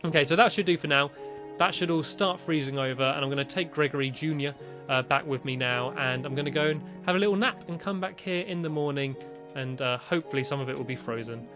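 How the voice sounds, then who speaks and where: A young British man chatting casually as he plays and shows off his builds, turning shrill and panicky when danger appears. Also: fast talker. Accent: British English. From Britain. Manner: chatty, breaks into high panicked yelps. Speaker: gaming video creator. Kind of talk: casual game commentary. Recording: faint music behind.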